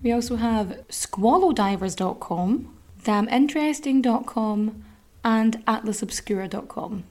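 Sweary, animated woman telling a story. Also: a little high, measured pace. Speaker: podcast host. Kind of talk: casual storytelling chat.

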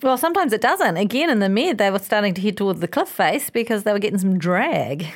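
A woman's voice: expressive, fast talker. Woman, podcast co-host, casual chat, rambling, restarts sentences. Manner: rambling, restarts and trails off into lower asides.

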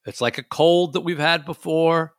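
A man's voice: fairly high pitch, normal speed, no echo, studio quality. A man hosting a casual talk show, chatting and acting out his own inner voice. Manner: animated, acts out his inner voice. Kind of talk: casual chat.

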